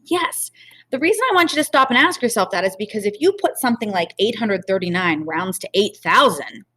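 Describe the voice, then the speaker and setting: A woman's voice: mid-range voice, animated, brisk, fairly bright tone. A woman teacher giving a recorded math lesson to children, patient and encouraging, talking straight to her students.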